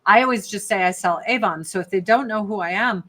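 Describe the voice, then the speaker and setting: A woman's voice: medium pitch, a little fast, sharp tone. A woman guesting on a podcast over a video call, talking candidly and joking, swearing freely. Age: older. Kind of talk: casual podcast chat. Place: rural home.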